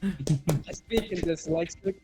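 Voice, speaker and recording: A man's voice: a little high, slow, music in the background. A man playing in a tabletop game who mutters jokey asides. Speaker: player.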